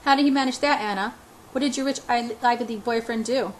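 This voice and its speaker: Woman doing a menacing male boss, sneering, contemptuous, volatile, somewhat high voice, storybook reading. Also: fast talker, a little hiss or hum, natural voice.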